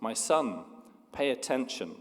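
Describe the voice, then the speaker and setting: A man playing a calm wise father. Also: medium pitch, unhurried. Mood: wise, gentle. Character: wise calm father teaching his son. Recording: long hall reverb.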